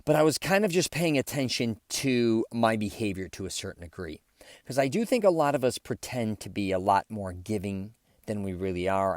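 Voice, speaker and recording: Male solo podcaster, lowish voice, dry close sound, candid rambling delivery with fillers. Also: dry recording. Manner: rambling, candid, self-reflective with many fillers. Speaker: podcast host. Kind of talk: casual solo podcast monologue.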